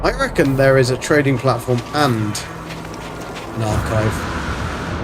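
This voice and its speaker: A man's voice: mid-range voice, measured pace, pauses often, a little hiss or hum. A man from Germany hosting a livestream, chatting casually as he plays, rambling and swearing playfully. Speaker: livestream host. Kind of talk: casual gaming commentary.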